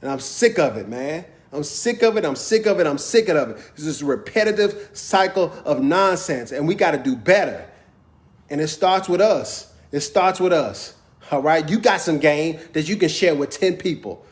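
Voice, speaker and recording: A man's voice: fairly high pitch, lively intonation, normal speed. A man hosting a video, talking in an impassioned, preachy monologue with African American Vernacular English, repeating phrases for emphasis. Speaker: video host.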